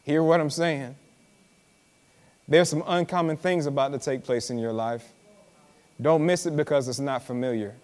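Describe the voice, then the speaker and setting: High-voiced preacher in a reverberant hall. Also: male voice, a little mellow. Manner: preaching with dramatic slow emphasis and repetition; conversational, tells the congregation to listen. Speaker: pastor. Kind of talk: sermon. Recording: live sermon with hall reverb.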